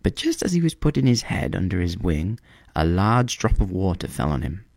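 Man reading a fairy tale, real deep voice, lots of up and down, dry sound. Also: no echo. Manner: expressive and measured. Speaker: storyteller. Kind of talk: storybook reading.

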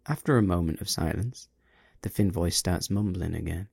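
A man narrating a story at a slow, measured pace. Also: sits low, gravelly, darkish tone, breathy edge, dry recording, clean studio sound. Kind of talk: audiobook story reading.

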